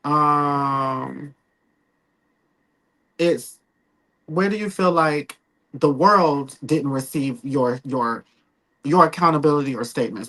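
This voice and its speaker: A male interview host with a bright, sharp voice asks probing questions. He hesitates often and fills pauses with ums while he builds toward the point. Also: mid-range voice, poor audio. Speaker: podcast co-host.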